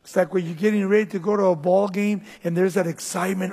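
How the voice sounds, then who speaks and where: A man preaching a sermon as pastor, swinging between loud, high calls and low, quiet passages. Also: steady tone, brisk, hardly any pauses, breathy edge. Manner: preaching with wide swings of pitch and loudness. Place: church. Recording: long reverb in a church hall.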